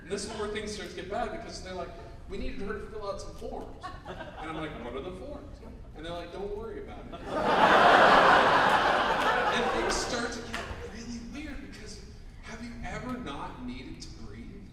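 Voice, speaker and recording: A man telling a comic personal story on stage to a live audience, acting out the other people's lines in an animated way. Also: high-pitched, moderate pace. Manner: animated, acts out quotes with laughter. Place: large convention hall. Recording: echoey hall, distant mic, noisy.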